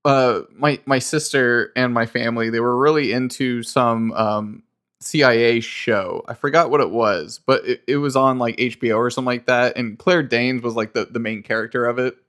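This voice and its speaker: A man's voice: medium pitch, fairly even intonation, moderate pace, a bit bright. A man co-hosting a podcast, talking casually in a rambling way with lots of fillers. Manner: rambling, with frequent fillers and laughter. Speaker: podcast co-host. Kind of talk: casual chat.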